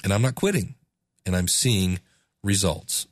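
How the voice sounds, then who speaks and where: A man's voice: low-pitched, expressive, unhurried, dry recording, studio quality. A man hosting his own podcast, talking casually and candidly, self-deprecating and rambling with restarts. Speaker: podcast host. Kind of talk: casual solo podcast talk.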